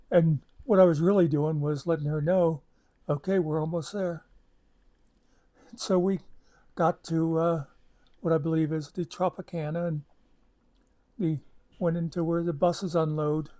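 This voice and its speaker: Brief: male storyteller, rambling and chatty, slightly higher pitch. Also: steady tone, normal speed, pauses often, dark tone. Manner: rambling, chatty, with many asides and fillers. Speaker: channel host. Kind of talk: casual storytelling.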